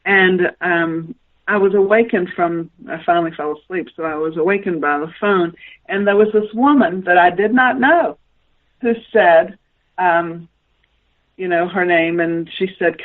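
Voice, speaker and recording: A woman's voice: lowish voice, unhurried. A woman from the American South with a Southern accent, a guest telling a long, rambling personal story in a radio interview. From Southern United States. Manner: rambling, animated storytelling with laughs. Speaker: guest author. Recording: tinny phone line.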